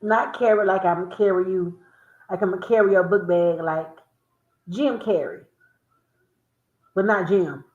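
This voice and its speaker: A woman's voice: medium pitch, unhurried, long pauses, a little mellow. A woman with a Southern American accent hosting a playful word game with friends, teasing and laughing often as she drags out her words. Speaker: host. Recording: echoey room, dull lo-fi sound.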